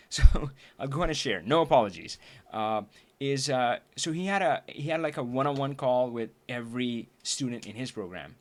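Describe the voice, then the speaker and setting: Earnest man streaming, voice going hoarse. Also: medium pitch, fairly bright tone. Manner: earnest, reflective, frequent restarts and laughs. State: losing his voice. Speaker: livestream trainer and host. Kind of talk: casual livestream talk to viewers. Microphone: streaming setup.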